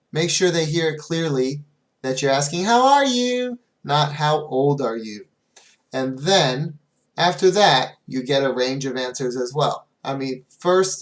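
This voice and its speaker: A man who teaches English online, giving casual advice to fellow teachers, with fillers, and slowing right down whenever he models a phrase. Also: on the high side.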